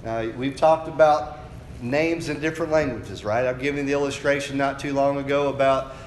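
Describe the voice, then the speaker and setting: Speaking at a moderate pace with a steady, medium-pitched tone, an American man delivers a sermon over slight background noise. His scripture explanation starts as conversational teaching full of questions to the congregation and rises into loud, fervent preaching. The room sounds echoey, with faint ambience.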